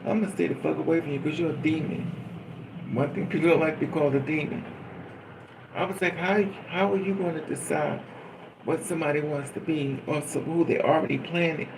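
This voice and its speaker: Gravelly guy venting raw and profane, lots of noise going on behind him. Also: on the high side, a little fast. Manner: blunt, profane, emotional venting. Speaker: vlogger. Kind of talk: raw personal monologue.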